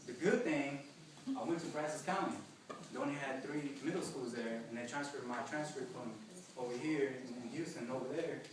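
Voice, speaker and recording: A man's voice: mid-range voice, moderate pace, noisy background. A young man giving an earnest personal testimony to a group, talking plainly and often saying "you know.". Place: large echoey hall with an audience. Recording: very echoey hall, distant mic, crowd behind.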